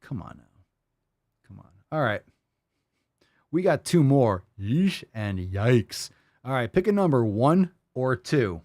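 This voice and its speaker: A man's voice: mid-range voice, very animated, measured pace, pauses often, darkish tone, dry recording, clean studio sound. A man hosting a podcast, reacting to clips with profane, sarcastic mockery. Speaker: podcast host. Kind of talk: casual reaction commentary.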